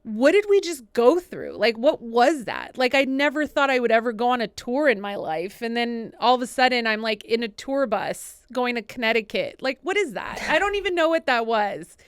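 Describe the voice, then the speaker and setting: A woman in her thirties, a podcast co-host telling stories casually in an interview, full of "like" fillers and lively retellings. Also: on the high side, fairly quick, few pauses, clear, resonant tone, dry recording, clean studio sound. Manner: chatty, many "like" fillers, animated retellings. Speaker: podcast co-host and assistant, guest.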